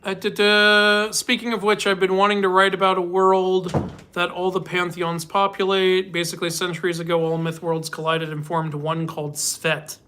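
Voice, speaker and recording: Bright-voiced chatty man hosting a stream. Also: high-pitched, little pitch movement, normal speed. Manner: chatty and rambling, laughs often. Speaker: host. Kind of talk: casual live-stream Q&A chat.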